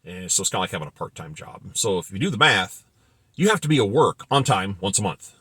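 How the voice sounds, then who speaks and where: A man's voice: on the low side, very animated, quick pace, bright, forceful tone, breathy edge, no echo. A middle-aged man telling rambling, wry anecdotes about his work as a pilot in a casual monologue. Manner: wry, rambling, digressive storytelling. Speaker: former pilot telling stories.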